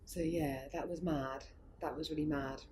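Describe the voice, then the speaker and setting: A woman's voice: low voice, steady tone, measured pace, mellow, slight background noise. A young adult woman, a guest on an interview, telling stories in a rambling, casual way full of fillers and restarts, often laughing. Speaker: guest, arts project founder. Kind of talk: casual conversational storytelling.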